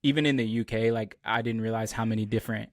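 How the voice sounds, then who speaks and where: A man's voice: on the low side, fast talker, dry recording, studio quality. A man hosting a podcast, chatting casually and telling stories with lots of "like" and "bro". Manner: relaxed storyteller, many "like" and "bro" fillers. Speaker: podcast host. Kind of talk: casual chat.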